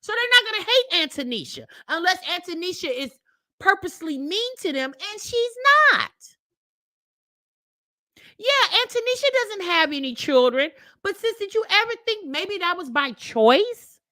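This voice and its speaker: A woman hosts a reaction commentary, her voice high and swinging widely in pitch. She talks in a sassy, mocking way and breaks into loud outbursts, with a bright edge, recorded dry and close. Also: big pitch swings, normal speed, dry recording. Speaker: reaction video host. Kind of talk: commentary on a played clip.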